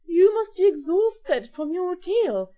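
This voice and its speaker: A woman's voice: extremely high pitch, very animated, measured pace, warm tone, pitched above the performer's own voice, full character voice. A woman voicing a stately courteous king. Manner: formal, courteous.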